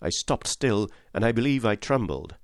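A man reading a classic story aloud in a gentle, measured storytelling manner. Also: lowish voice, big pitch swings, vocal fry, dry recording, clean studio sound. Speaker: audiobook reader. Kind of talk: storybook narration.

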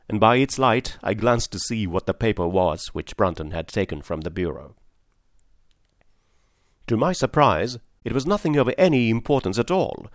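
Man narrating a story, measured formal delivery, low voice, dry close sound. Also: no room sound. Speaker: audiobook narrator. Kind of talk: scripted narration.

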